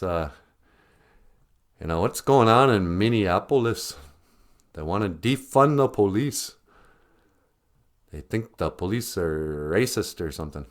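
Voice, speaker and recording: A man hosting a podcast in a casual comedic monologue, sardonic and laughing at his own jokes. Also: on the low side. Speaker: podcast host.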